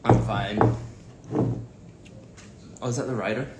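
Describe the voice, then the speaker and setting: Young man, livestream co-host, low voice, teasing, reads comments, roomy and hissy recording. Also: fairly even intonation, takes it slowly, a little mellow. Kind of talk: casual livestream chat. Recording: echoey room with hiss.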